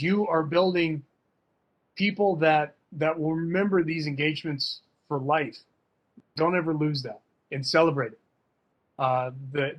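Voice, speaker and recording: Fencing coach guy on a video call, slightly higher voice, talks loose and punchy. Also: muffled recording. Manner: casual, emphatic, slangy. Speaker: fencing coach and guest speaker. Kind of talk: online workshop talk.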